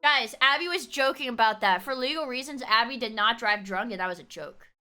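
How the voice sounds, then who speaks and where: A woman streamer chatting casually with her viewers, laughing often and breaking into sudden shouts. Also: on the high side, fairly quick, clear, resonant tone, faint music behind. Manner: animated, laughing, bursts into shouting. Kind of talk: casual chat.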